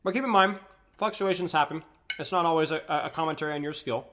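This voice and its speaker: A man's voice: fairly high pitch, fast talker. A young man coaching a video game on a live stream, chatting casually and answering viewers' questions while he eats. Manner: relaxed, answers chat questions while eating.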